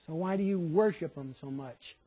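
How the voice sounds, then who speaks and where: Casting: high-pitched male preacher, sermon delivery, rhetorical questions, acts out imagined listeners. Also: normal speed, mellow, husky, lo-fi sound. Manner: questioning, quotes imagined listeners in shifting voices.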